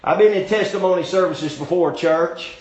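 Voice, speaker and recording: A man preaching a comic sermon, telling jokey stories and often shouting. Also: high-pitched, moderate pace, recorded from a distance. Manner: joking storyteller, often shouting. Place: church sanctuary. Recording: echoey church hall from afar.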